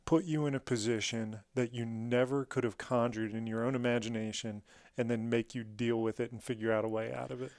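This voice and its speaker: A man hosting a podcast, asking parenting questions in a relaxed, conversational way. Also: medium pitch, brisk, few pauses, no room sound. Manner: relaxed, conversational, says "dude". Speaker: podcast host. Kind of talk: casual interview chat.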